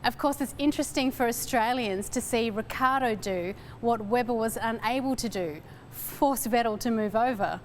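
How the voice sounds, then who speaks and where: A woman's voice: on the high side, moderate pace, slight background noise. Poised woman hosting a motorsport show. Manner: poised, even delivery. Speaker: show host. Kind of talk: scripted presenting and interviewing.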